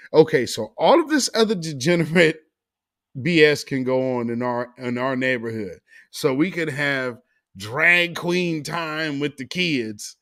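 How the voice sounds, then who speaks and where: A man's voice: mid-range voice, a bit bright. A man hosting a talk show, delivering an opinionated monologue with emphatic sarcasm and calling his listeners family.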